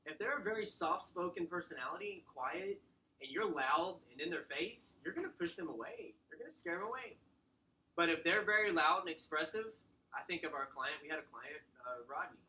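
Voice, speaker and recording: A man giving a casual sales training talk, animated and acting out client exchanges. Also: on the high side, fairly quick, slight background noise, poor audio. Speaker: real estate sales trainer.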